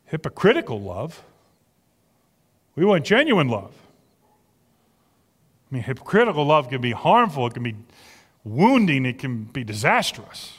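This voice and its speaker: Earnest preacher in a reverberant hall. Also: male voice, sits high. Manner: earnest, conversational preaching with repeated words. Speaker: pastor. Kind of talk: sermon. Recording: long reverb of a large hall.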